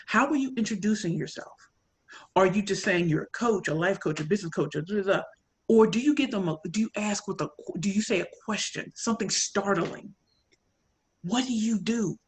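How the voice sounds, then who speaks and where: A woman from St. Louis with a St. Louis accent, telling a story and coaching in an animated, audience-directed way. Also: mid-range voice, breathy edge. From St. Louis, Missouri. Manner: animated, addresses audience as y'all, acts out quoted lines. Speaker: pitch coach and speaker. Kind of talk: motivational talk, storytelling.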